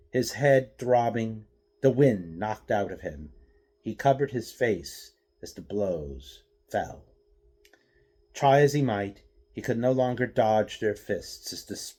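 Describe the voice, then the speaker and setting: A man reading his own novel aloud as an expressive audiobook narration. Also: lowish voice.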